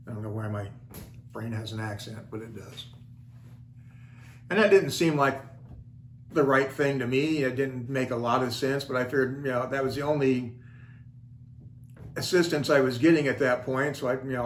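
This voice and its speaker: An older man hosts his own channel, telling a story in a wry, folksy, self-deprecating style for a casual vlog. His voice is medium-pitched and moves at a normal speed with long pauses. The recording has a roomy echo and faint ambience.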